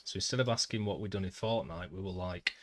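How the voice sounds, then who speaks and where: Northern English male streamer, somewhat low voice, relaxed chatty game commentary. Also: fast talker. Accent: Northern English, Manchester. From Manchester, England. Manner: chatty, talks to chat, says "mate" often. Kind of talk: casual gameplay livestream chat.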